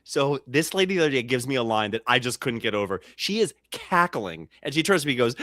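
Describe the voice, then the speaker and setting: A man's voice: mid-range voice, very animated, quick pace, hardly any pauses, pushed and bright, no room sound, studio quality. A man hosting a comedy podcast, telling stories animatedly, acting out quotes and laughing often. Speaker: podcast host. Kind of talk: casual comedy podcast chat.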